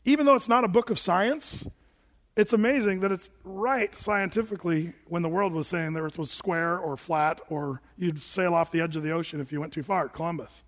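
Male pastor, high voice, emphatic sermon delivery, big echoing hall. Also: moderate pace. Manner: animated, emphatic preaching with quoted asides. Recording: long hall reverb.

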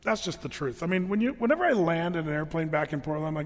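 A man's voice: a little high, animated, fast talker. A middle-aged man preaching a sermon as a pastor, in a conversational, storytelling way with frequent restarts. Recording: long reverb of a large hall.

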